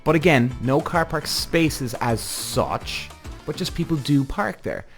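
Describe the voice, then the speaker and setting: A man's voice: a little high, lively intonation, slow, faint music behind. A man hosting a podcast, telling a story in an exasperated rant full of swearing. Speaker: podcast host. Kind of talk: ranting podcast monologue.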